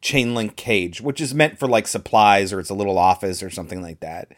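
A man's voice: fairly low pitch, a little fast. A man co-hosting a podcast, chatting casually and giving his take on a film. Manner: relaxed, chatty, gives opinions. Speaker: podcast co-host. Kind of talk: casual chat about a film.

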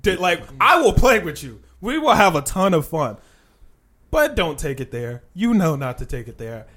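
A man's voice: a little high, very animated, normal speed, fairly bright tone. A man in casual podcast chat, swearing freely and acting out quoted voices.

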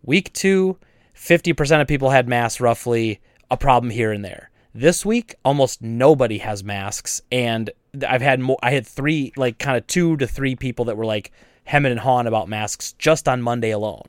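A man co-hosting a podcast, ranting in a casual, animated and exasperated way about store customers. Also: mid-range voice, normal speed, dry recording, clean studio sound. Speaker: podcast co-host and store owner.

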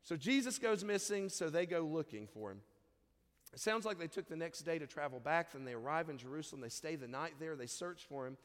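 A man's voice: on the high side, lively intonation, fairly quick, in a large hall. A man preaching a sermon in a conversational way, reading scripture and briefly acting out the people in the story. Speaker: pastor.

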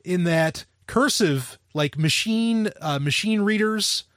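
Man podcast co-host, a bit high, rambling, dry recording. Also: lively intonation, slow pace, fairly bright tone, dry recording. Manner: rambling, many fillers and restarts. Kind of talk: casual chat.

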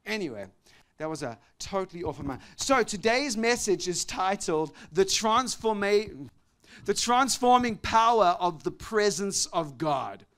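A man preaching a sermon as pastor, animated, swinging between loud exclamations and soft confiding tones, often laughing between phrases. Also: high-pitched, a little slow.

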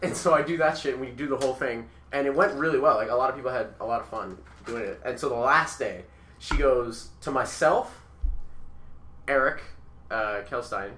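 A man's voice: mid-range voice, normal speed, a bit bright. A teenage boy telling a crude, joking story in casual chat with friends. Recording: echoey room with faint noise.

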